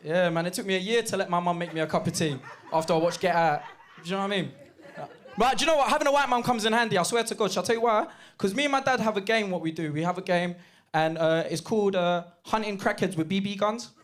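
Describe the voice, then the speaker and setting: High-voiced man doing stand-up. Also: fast. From Jamaican heritage, East London. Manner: animated storytelling with bursts of shouted impressions. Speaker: stand-up comedian. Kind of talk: stand-up set. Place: comedy club stage. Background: audience laughter.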